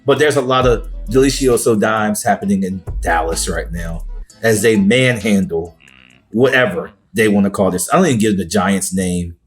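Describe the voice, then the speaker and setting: A man's voice: lowish voice, moderate pace, soft background music. A man talking as a guest on a sports podcast, in playful, exclamatory banter. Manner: animated and exclamatory, playful swoops.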